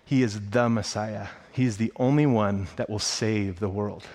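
A man preaching a sermon. He tells the story with excitement and acts out the characters' lines in a higher voice. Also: moderate pace. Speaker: pastor.

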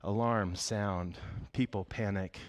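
A man giving a sermon as pastor, speaking conversationally and telling stories with humor and lively bursts. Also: lowish voice, slow pace. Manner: conversational, animated storytelling with humor.

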